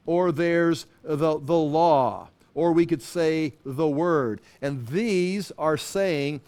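A man's voice: on the high side, extremely slow. A man in his sixties teaching a Bible study class in a loose, conversational way, full of asides and self-corrections. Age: 60s.

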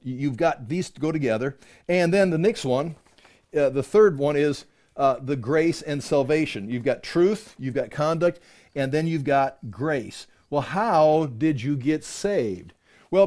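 A man's voice: mid-range voice, a little mellow. A man preaching a conversational Bible-teaching sermon, often repeating and restarting words and building to emphatic peaks. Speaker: pastor teaching a Bible passage.

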